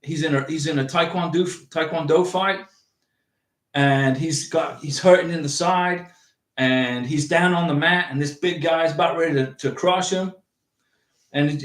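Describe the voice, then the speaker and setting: A man hosting a livestream, chatting casually and reading out viewer comments in an animated, rambling way with many restarts. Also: on the high side, far from the mic. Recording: roomy echo, from off the mic.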